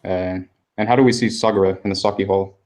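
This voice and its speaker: A man with a low, fairly flat voice narrates as game master. He talks loosely, with plenty of fillers, as he describes the scene. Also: a little fast. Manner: relaxed, many fillers, describes scenes at length.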